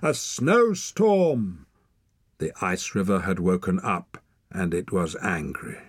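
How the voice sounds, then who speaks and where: A man narrating an audiobook in an expressive storytelling manner. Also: deep voice, normal speed, slightly rough, dry recording, clean studio sound.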